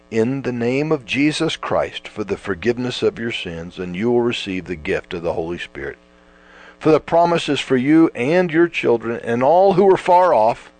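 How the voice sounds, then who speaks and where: Preacher, male, animated pitch, stretches words for emphasis, mains hum in the background. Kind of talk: sermon.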